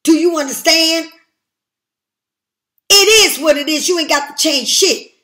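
Blunt, cursing older woman, high voice. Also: measured pace, sharp tone. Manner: blunt, profane and emphatic. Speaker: tarot reader. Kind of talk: casual tarot reading monologue.

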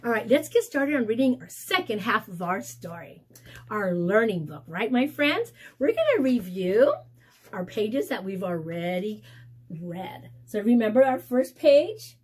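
A woman teacher reads a storybook lesson to small children in a sing-song voice. Her pitch leaps and swoops as she asks questions and praises their answers. Her tone is a little husky and fairly high. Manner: playful animal sounds and exaggerated pitch swoops.

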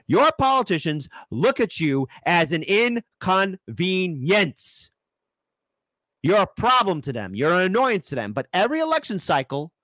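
A man hosting a ranting political commentary show, sarcastic and animated, with mocking asides. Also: on the high side, no echo.

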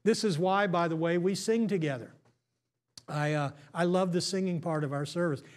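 A man's voice: high-pitched, normal speed. An American man, a pastor, preaching a sermon in a conversational way, full of restarts and stammers.

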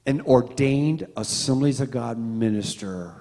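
A middle-aged man preaching a sermon as a pastor, telling stories with animated swings from loud to hushed. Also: medium pitch, unhurried, big-room sound. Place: church sanctuary.

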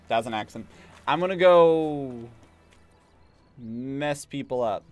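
A man streaming a video game, chatting casually and jokingly, even talking back to the characters. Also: medium pitch, takes it slowly, pauses often. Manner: playful, jokey, talks to characters. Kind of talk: casual gameplay commentary. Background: game music.

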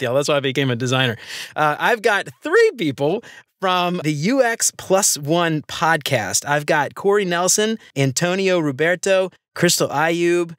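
Excitable man hosting, dry sound. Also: fairly high pitch, dry recording. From Louisiana. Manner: enthusiastic, jokey, says dude and man a lot. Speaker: podcast host. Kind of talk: casual interview chat.

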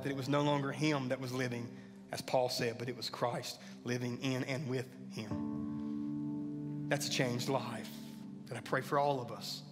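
A man preaching a sermon as pastor, earnest and building to emphatic peaks. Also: mid-range voice. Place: church sanctuary. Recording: church hall reverb with faint music.

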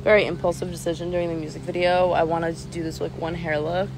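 A woman's voice: fairly low pitch, little pitch movement, fast, noisy background. A woman singer chatting casually with fans on a phone live stream from home, rambling with lots of "like" fillers and giggles.

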